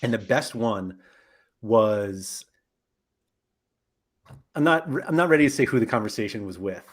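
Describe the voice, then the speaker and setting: A man's voice: on the low side, lively intonation, a little slow. A man hosting a casual podcast, talking in a rambling way with lots of fillers and self-corrections. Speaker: podcast host.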